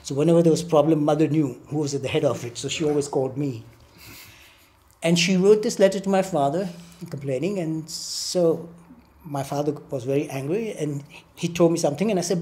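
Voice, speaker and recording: A man's voice: fairly high pitch, fairly quick. An older man, telling childhood stories in an interview and acting out the voices in them. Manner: animated storyteller who acts out quotes with laughs. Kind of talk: storytelling interview.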